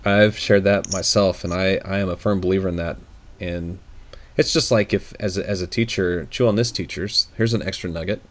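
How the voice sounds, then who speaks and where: A man with a very low voice chats casually as a podcast co-host. He talks with eager enthusiasm and keeps restarting his phrases as he goes. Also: steady tone, fairly quick. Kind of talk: casual chat.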